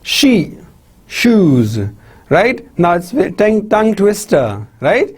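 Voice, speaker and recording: A male lecturer with a Pakistani English accent reads out pronunciation examples one word at a time. His voice sits high, is a little husky, and moves at an unhurried pace. He calls his listeners "my dear students.". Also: very animated. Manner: drills example words with frequent "right?" and "see". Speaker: university lecturer.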